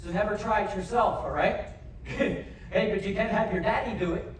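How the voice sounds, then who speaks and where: On the stage of a big cruise ship theater, a high-pitched male variety act jokes with the audience at a moderate pace and gets them to cheer. Crowd noise fills the echoey, distant recording.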